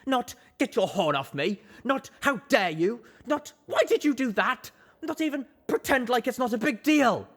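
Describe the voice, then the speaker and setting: A man's voice: on the high side, sing-song, moderate pace, pushed and bright, voice pushed up, heavily acted. A man voicing a traumatized young male pony in an audiobook reading, trembling, cracking voice on the edge of sobs. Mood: hysterical.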